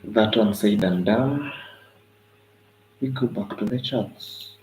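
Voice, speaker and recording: A man's voice: lowish voice, takes it slowly, a little mellow, a little hiss or hum, low-quality recording. A young man with a tired voice, casually talking through forex charts on a live stream. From Kenya. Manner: loose, chatty, mixes in Swahili phrases. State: tired, voice going. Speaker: forex trading analyst.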